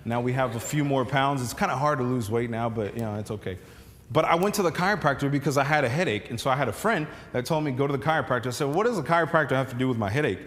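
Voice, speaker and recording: A man's voice: medium pitch, fast, a bit bright, long reverb tail. A male pastor preaching a sermon in a loose, conversational storytelling way, full of restarts and fillers.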